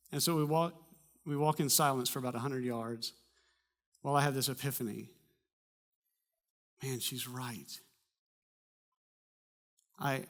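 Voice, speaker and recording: In church, a man preaches with a mid-range voice, telling a story from his own life in a chatty manner, mixing in jokes and sudden lively moments.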